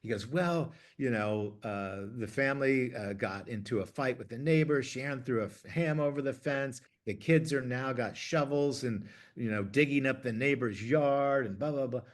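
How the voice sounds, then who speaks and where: A middle-aged man from Ohio, a TV producer, telling stories in a casual, chatty way, full of fillers and restarts, getting lively when he quotes others. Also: medium pitch, normal speed, few pauses. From Ohio, USA. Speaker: TV producer interviewee. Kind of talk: casual anecdotal storytelling.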